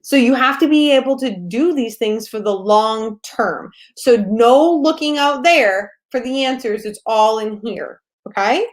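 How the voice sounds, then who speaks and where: A fairly high-voiced woman coaching business owners in a loose, chatty course session. She talks loudly and excitably, swears freely and laughs often. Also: measured pace, few pauses. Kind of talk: casual course lecture.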